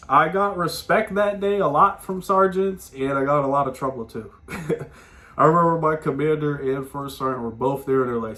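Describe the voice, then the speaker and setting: A man talks straight to his audience in a casual storytelling monologue. His voice sits a little high. He speaks in loose slang and swears freely. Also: normal speed. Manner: animated, slangy, swearing, frequent "man" tags. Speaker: podcast host giving advice.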